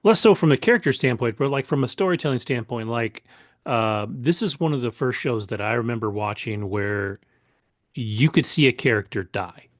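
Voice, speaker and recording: Male podcast host, relaxed loose questioner, dry close sound. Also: medium pitch, normal speed, dry recording. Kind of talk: casual interview chat.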